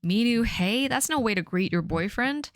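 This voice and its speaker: A woman's voice: on the high side, animated, moderate pace, dry recording, clean studio sound, lightly acted. A woman reading the lines of a pushy, jealous young boyfriend from her old fanfic. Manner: read aloud from old fanfic, lightly voiced.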